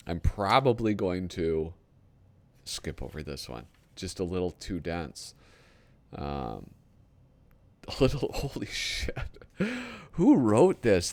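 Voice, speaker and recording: A man commenting casually as he flips through a magazine. His voice sits low but moves up and down a lot. He swears now and then and drifts into mumbled asides. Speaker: host.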